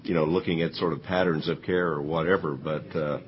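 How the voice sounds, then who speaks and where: Man, very deep voice, halting, filler-heavy, muffled, faint room noise. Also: fairly even intonation. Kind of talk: panel discussion.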